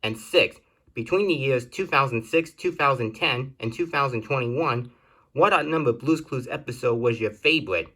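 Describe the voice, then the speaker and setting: A man's voice: mid-range voice, normal speed, sharp tone. Earnest man reading viewer questions. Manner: plain, earnest delivery with frequent self-corrections. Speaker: channel host answering viewer questions.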